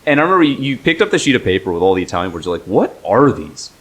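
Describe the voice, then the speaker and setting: A man's voice: medium pitch, big pitch swings, racing, a bit bright. A young man hosting a podcast, telling anecdotes in a chatty way and laughing often. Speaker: podcast host. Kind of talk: casual chat.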